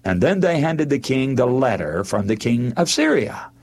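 Husky-voiced man preaching a lively sermon. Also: medium pitch, normal speed. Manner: animated storytelling, acting out the characters' lines. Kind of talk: sermon retelling a Bible story.

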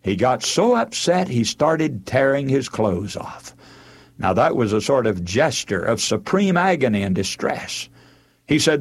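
A man preaching a sermon, retelling a Bible story with animated storytelling and acting out the characters' lines. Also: medium pitch, unhurried, vocal fry, breathy edge.

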